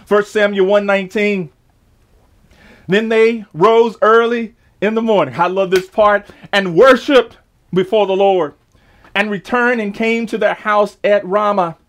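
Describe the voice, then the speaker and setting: A man's voice: high voice, steady tone, measured pace, fairly bright tone. A man preaching a sermon online, fervent and prone to repeating words for emphasis. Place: church service streamed online.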